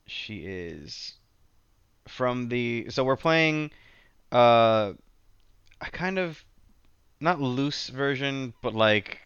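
A podcast guest who plays tabletop games chats casually about his character, rambling with lots of restarts and fillers. His voice is fairly low, a bit bright and clean, in a dry but muffled recording.

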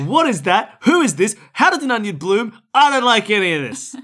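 A man's voice: sits high, sing-song, a little fast, pushed and bright. A man guesting on a comedy podcast, ranting in exasperated bursts. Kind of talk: improvised comedy banter.

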